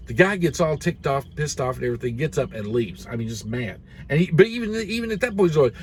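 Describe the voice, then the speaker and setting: A man's voice: on the high side, sing-song, fast talker, hardly any pauses, a little hiss or hum. A man retelling a story in casual, rambling speech, full of fillers like "you know" and "and everything.".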